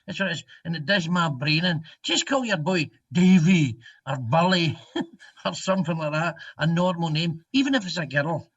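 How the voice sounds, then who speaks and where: A man's voice: a little high, lively intonation, normal speed, a bit bright, breathy edge, dull audio. A Scottish comedian ranting and swearing his way through casual chat, recorded on a distant mic. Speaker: comedian guest.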